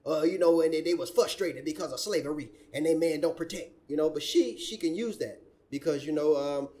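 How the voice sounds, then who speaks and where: Man, high-pitched, commentary host, sarcastic, preachy, mocking quotes. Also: fairly quick, warm tone. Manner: sarcastic, preachy, mocks others in put-on quotes. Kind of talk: reaction commentary.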